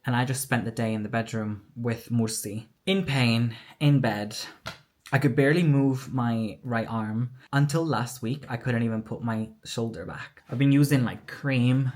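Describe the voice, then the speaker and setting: In a rumbling low, slightly mellow voice, a woman vlogs a personal story at a steady, slightly slow pace. It's an emotional, candid retelling in which she acts out others' dialogue.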